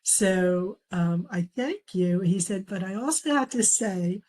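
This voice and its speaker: Middle-aged woman author, mellow and unhurried, storytelling guest who laughs easily. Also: medium pitch, animated, rough recording. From raised in a traditional Chinese family. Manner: warm storytelling, quotes family members, laughs often. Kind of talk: conversational interview.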